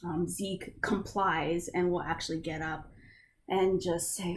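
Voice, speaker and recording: A woman's voice: lowish voice, steady tone, a little slow, slight background noise. A woman narrating a tabletop game as game master in a casual, loose way, with lots of fillers.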